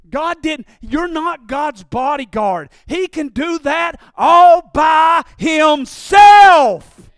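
A man preaching a sermon in a church, moving from quiet, confiding talk up to loud, shouted preaching. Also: very high-pitched, no echo, clean studio sound. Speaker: pastor. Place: church sanctuary.

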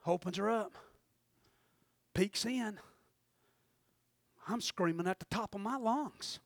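A male preacher, giving an animated sermon, often shouting and acting out his own prayers. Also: sits high, slow pace, creaky, no echo, studio quality.

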